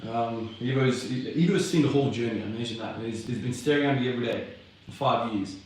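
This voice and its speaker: A man's voice: medium pitch, a little fast, darkish tone, slight background noise. A young man vlogging casually between heavy lifting sets in his home garage, out of breath, laid-back and swearing as he rambles. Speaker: fitness vlogger. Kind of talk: casual chat between sets, answering live comments. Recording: very echoey garage from far off.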